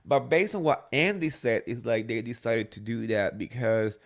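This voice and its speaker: A man's voice: medium pitch, moderate pace. A man hosting a casual recap show, chatty and sarcastic, talking with many fillers. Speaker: podcast host.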